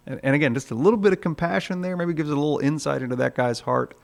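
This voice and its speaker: A man's voice: on the high side, fast talker, vocal fry, hardly any pauses. A man preaching a sermon in a conversational way, with frequent "uh"s, now and then acting out the voices in his story. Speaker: pastor.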